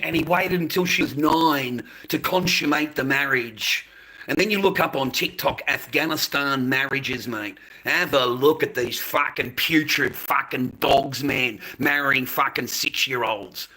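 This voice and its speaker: A man's voice: fairly high pitch, vocal fry, bright, forceful tone, breathy edge. An Australian man with an Australian accent, ranting aggressively and profanely at his live-stream chat.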